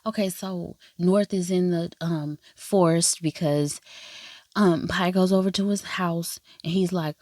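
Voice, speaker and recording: A woman's voice: on the low side, a little slow, darkish tone, dry recording, studio quality. A woman recapping a drama episode in casual chat, sassy and slangy, acting out the characters' lines. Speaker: drama reviewer.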